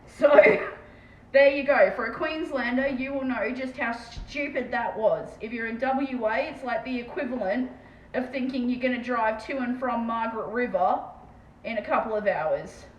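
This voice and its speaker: A woman with an Australian accent chatting fast and casually on a live stream as she paints terrain, swearing freely. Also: fairly high pitch. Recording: echoey room with faint background noise.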